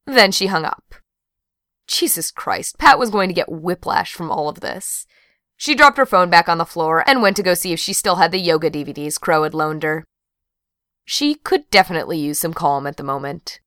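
A woman narrating an audiobook in an even storytelling read. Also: on the low side, clear, resonant tone, no room sound, studio quality. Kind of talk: scripted narration.

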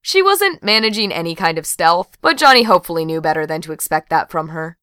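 A woman reading an audiobook aloud in an expressive, even-paced way, in a dry studio. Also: fairly low pitch, brisk, clean tone, dry recording. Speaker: audiobook narrator. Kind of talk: audiobook narration.

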